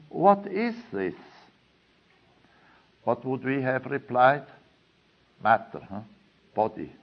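Slow, deliberate man lecturing. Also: medium pitch. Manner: slow and deliberate with frequent pauses and fillers. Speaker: teacher of a study course. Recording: dull lo-fi recording.

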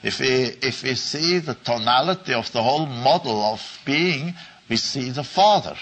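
A man giving a slow religious teaching talk, repeating phrases for emphasis and chuckling at his own asides. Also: medium pitch, lively intonation, a bit bright, rough recording. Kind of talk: slow explanatory Bible talk.

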